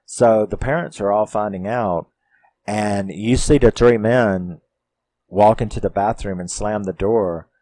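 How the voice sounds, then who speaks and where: A man recapping a horror film in a casual, profane and animated way. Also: on the low side, unhurried, no echo. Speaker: film reviewer.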